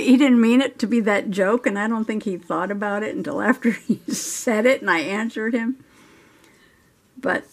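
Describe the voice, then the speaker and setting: A woman's voice: fairly high pitch, creaky, husky. A middle-aged woman hosting a journaling video, telling a chatty story while she colors, laughing often. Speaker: journaling channel host. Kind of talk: casual crafting chat while coloring.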